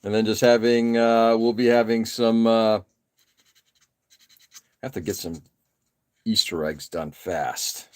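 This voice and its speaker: Low-ish voiced guy rambling on his morning stream, lots of uhs, dry self-mocking jokes. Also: slow, long pauses, smooth. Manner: relaxed, rambling, frequent uh fillers and self-deprecating asides. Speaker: live stream host building model kits. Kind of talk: casual chat while working.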